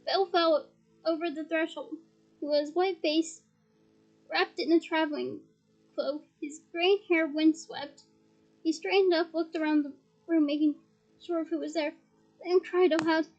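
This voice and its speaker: A woman reading a novel aloud in a lively, expressive way, with emotional asides. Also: extremely high pitch, measured pace, pauses often, poor audio. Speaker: audiobook reader.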